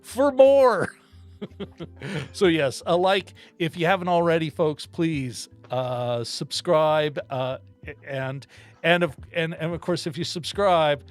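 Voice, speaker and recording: Brief: male podcast co-host, fairly high voice, animated and laugh-prone, faint music underneath. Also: measured pace. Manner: animated, laughs often while talking. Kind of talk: casual film-discussion chat.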